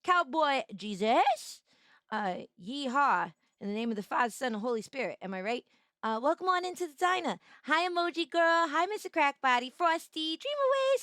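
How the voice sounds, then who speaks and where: A woman's voice: high voice, bright, forceful tone, no echo, clean studio sound. A woman streamer chatting casually on a live stream, greeting viewers by name in a bubbly, playful way.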